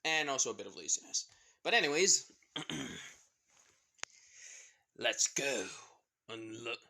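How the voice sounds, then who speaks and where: A man's voice: mid-range voice, expressive, slow, pushed and bright. A man casually narrating a fan story in a chatty, rambling way, often breaking off to comment. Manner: rambling, chatty, self-interrupting.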